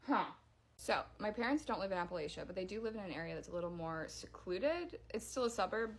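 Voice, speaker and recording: A young woman casually telling a spooky personal story to camera, animated and dropping to a hush at the eerie parts. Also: fairly low pitch, vocal fry.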